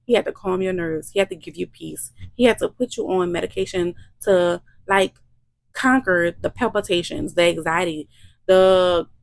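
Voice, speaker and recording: A woman's voice: fairly low pitch, normal speed, vocal fry, no echo. A woman, a midwife hosting her vlog, talking in an emotional, repetitive, faith-filled way. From Louisiana. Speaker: midwife and channel host. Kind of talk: heartfelt vlog testimony.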